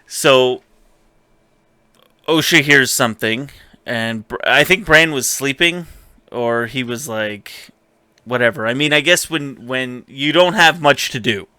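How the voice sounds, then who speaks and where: A man's voice: medium pitch, takes it slowly, bright, forceful tone, smooth, no echo. A man co-hosting a podcast, casually recapping a TV episode in a rambling way with lots of fillers and quoted asides. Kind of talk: casual chat.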